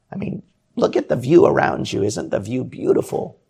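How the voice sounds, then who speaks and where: A man's voice: mid-range voice, wildly swooping pitch, normal speed, vocal fry, warm tone, slightly rough. A man preaching a sermon to his congregation, exhorting them with repeated rhetorical questions.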